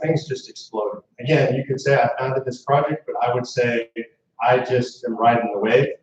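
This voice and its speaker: A man's voice: mid-range voice, a little mellow, distant mic. A man giving a storytelling speech to a live audience as founder of a movement, speaking conversationally with asides to the crowd. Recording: echoey room mic heard from afar, muffled.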